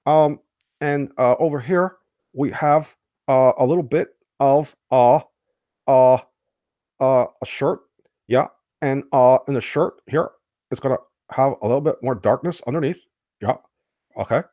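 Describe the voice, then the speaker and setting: A man doing an impression of a former president, full of drawn-out "uh"s and halting pauses. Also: mid-range voice, warm tone, dry recording, pitched above the performer's own voice, natural voice. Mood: measured. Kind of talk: comedic impression on a live stream.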